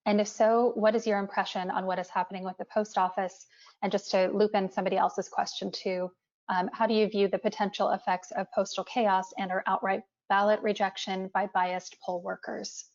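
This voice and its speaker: A woman moderator reads viewers' questions aloud. Her pitch sits in the middle and barely moves, so the delivery stays flat. The audio is muffled and lo-fi. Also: brisk. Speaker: moderator reading audience questions. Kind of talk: reading questions on a livestream. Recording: dull lo-fi stream audio.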